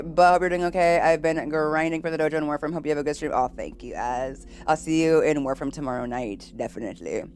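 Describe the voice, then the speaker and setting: Faint game music sits beneath a woman's casual live-stream chat as she reads messages from viewers. Quick to laugh, bubbly and giggly, she uses a lowish voice and shifts from loud, excited greetings to quietly murmured asides.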